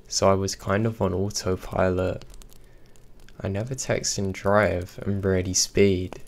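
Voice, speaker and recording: A man reading true scary stories aloud in a steady, even storytelling delivery. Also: low voice, gravelly. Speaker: horror story narrator. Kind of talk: scripted narration.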